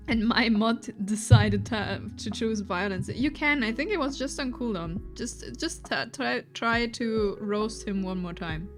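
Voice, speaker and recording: Woman with a German accent, somewhat high voice, streaming and reading chat at an unhurried pace, giggly and chatty, soft lofi music underneath. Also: expressive. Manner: chatty, giggly, restarts often while chatting. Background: faint lofi music.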